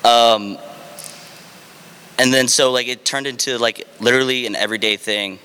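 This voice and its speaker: A man's voice: medium pitch, steady tone, moderate pace, bright, forceful tone, clear, resonant tone, in a large hall. A man, a former Marine, candidly telling his own story with fillers and dry, self-deprecating humor.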